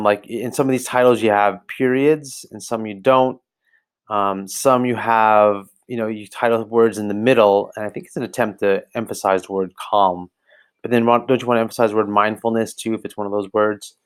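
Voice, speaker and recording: Low-voiced man reviewing a website. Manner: thinking aloud with many fillers and restarts. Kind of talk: casual screen-recorded review.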